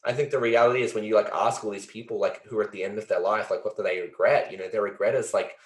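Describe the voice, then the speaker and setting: Earnest low-voiced man in a roomy space. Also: quick pace. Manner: earnest, animated, swears casually, many fillers. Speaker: podcast host. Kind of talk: reflective conversation. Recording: roomy echo.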